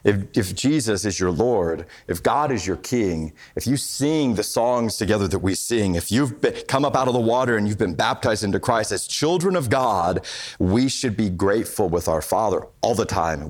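A middle-aged man preaching a sermon in a conversational, animated way, acting out little quotes. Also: on the low side.

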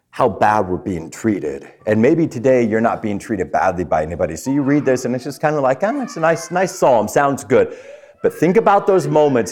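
A man's voice: lowish voice, a little mellow. A man preaching on a psalm, often stumbling and repeating words, and putting questions to his listeners. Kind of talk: sermon on a psalm.

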